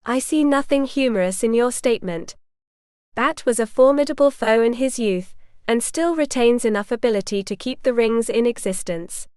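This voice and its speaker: A grave, ancient male vampire with stiff, formal diction, voiced in a smooth, clear tone by a woman reading an audiobook. The sound is close and dry, with no room around it. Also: on the high side, moderate pace, darkish tone, no room sound, natural voice.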